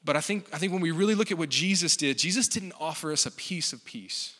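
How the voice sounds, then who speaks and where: A man's voice: fairly high pitch, fast, sharp tone. A male pastor giving a casual, joking sermon in a church, telling stories in a conversational way. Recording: long reverb of a church hall.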